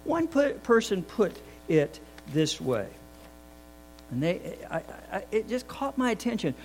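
A man's voice: high voice, very animated, a little slow, faint music behind, poor audio. Older man preaching, with hum behind. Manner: folksy storytelling, many restarts, swings between loud emphasis and soft asides. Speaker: pastor. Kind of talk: sermon.

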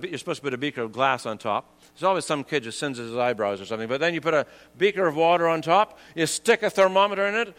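A man preaching a sermon while he has a cold, chatting to the congregation and slowing down to read scripture. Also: fairly high pitch, a bit bright, big-room sound. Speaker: pastor.

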